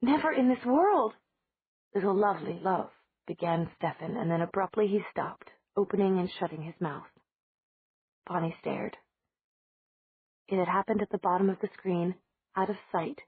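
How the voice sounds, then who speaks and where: A woman narrating an audiobook in a measured, even storytelling manner. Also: lowish voice, slightly rough, no room sound. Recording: dry, tinny phone-like audio.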